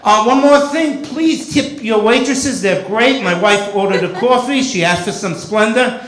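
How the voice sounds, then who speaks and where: High-voiced wisecracking stand-up man. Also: measured pace, reverberant, poor audio. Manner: wisecracking, deadpan delivery. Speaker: stand-up comedian. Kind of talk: stand-up comedy set. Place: comedy club stage.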